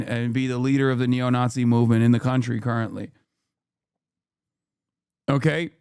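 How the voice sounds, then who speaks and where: A man's voice: fairly high pitch, clean tone, no echo, clean studio sound. A man in his thirties giving live-stream reaction commentary, ranting in a profane, incredulous way with sarcastic asides. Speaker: streamer reacting to clips and chat.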